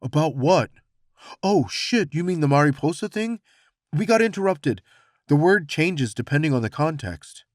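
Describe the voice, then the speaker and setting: A man's voice: on the high side, moderate pace, dry recording, studio quality, voice pushed up, lightly acted. A man doing a charming easygoing frat guy. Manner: relaxed, flirty, laying on charm.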